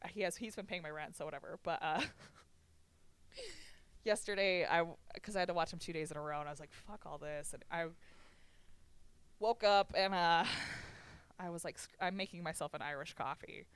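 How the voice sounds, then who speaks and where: A woman's voice: fairly low pitch, moderate pace, pauses often, smooth, no echo. A young woman co-hosting a podcast, telling stories in casual chat, swearing often and laughing a lot. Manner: profane, laughing storyteller. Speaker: podcast co-host.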